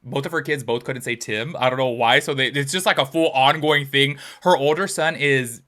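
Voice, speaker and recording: A young man hosting a casual gossip commentary channel, talking in an animated way with lots of filler words. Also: mid-range voice, moderate pace.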